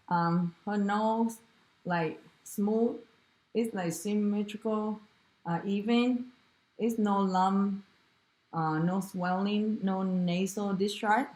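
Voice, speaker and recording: A woman whose first language is Vietnamese walks through a clinical exam, speaking slowly and carefully. She halts often, restarts her phrases, and fills pauses with ums and uhs. Her pitch sits in an ordinary middle range. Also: darkish tone. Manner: halting, many fillers and self-corrections, non-native English grammar. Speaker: student demonstrating a physical exam. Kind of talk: narrated clinical skills demonstration.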